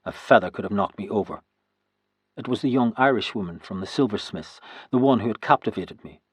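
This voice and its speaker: A man narrates a first-person historical novel in a steady, even way. His voice is low and a little husky. The recording is dry and close, with no room sound. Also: fairly quick, no echo. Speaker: audiobook narrator.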